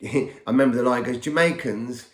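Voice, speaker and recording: A man's voice: on the low side, steady tone, moderate pace. A man, hosting a podcast and recounting a personal story in a rambling way, often repeating words as he remembers. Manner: rambling, repeats words while recalling events. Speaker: podcast host. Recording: roomy echo.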